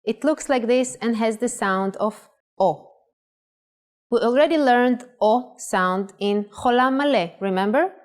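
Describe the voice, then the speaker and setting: A woman presenting a scripted language lesson, pronouncing words clearly and carefully. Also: on the high side, measured pace. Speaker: language teacher.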